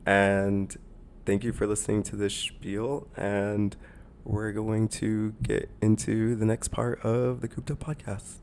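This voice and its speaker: A man's voice: on the low side, little pitch movement, slow pace, a little mellow, smooth. A young Canadian man with a Canadian accent, hosting a casual solo podcast in a rambling way, full of fillers and repeated words. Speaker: podcast host.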